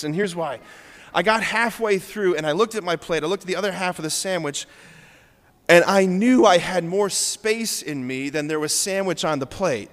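Male priest, fairly high voice, casual but earnest homily style, long church echo. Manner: conversational, earnest preaching with frequent "like". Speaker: Catholic priest. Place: large church.

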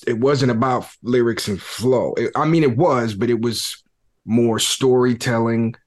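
A man hosting a podcast, laying out his theories in a thoughtful, relaxed conversational way. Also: mid-range voice, measured pace. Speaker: podcast host. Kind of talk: casual conversation about hip-hop.

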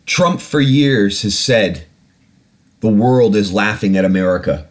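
A man's voice: fairly low pitch, animated, unhurried. A man hosting a podcast, ranting animatedly and swearing freely in casual talk. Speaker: podcast host.

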